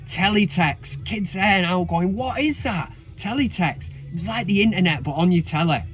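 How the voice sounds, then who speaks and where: A man's voice: sits high, normal speed, husky, faint music behind. A man in his thirties with a Manchester accent, ranting sarcastically and swearing as a football fan vlogger. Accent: Mancunian. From Manchester, England. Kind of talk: casual ranting commentary.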